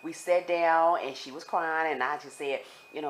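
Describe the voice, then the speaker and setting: A woman telling viewers a personal story in a casual, animated way, speaking straight to them and repeating herself for emphasis. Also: sits low, moderate pace, hardly any pauses, a little hiss or hum.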